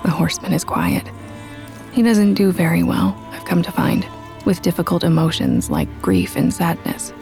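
A young woman narrating a first-person audiobook in a soft, intimate, reflective way. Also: fairly low pitch, huge pitch swings, normal speed, vocal fry. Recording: with background music.

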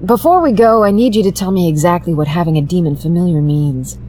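A woman's voice: fairly low pitch, fast talker, warm tone, a little hiss or hum, lightly acted. An actress playing a dry, sarcastic woman necromancer and bounty hunter. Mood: wry.

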